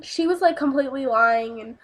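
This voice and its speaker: A woman's voice: high voice, brisk. A young woman telling a casual storytime vlog, rambling with lots of fillers and swearing.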